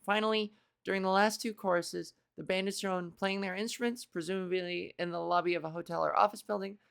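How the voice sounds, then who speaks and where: A woman's voice: on the low side, vocal fry. A woman in a casual reaction commentary, chatty and self-mocking, swearing now and then while she reads aloud and reacts. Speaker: video creator.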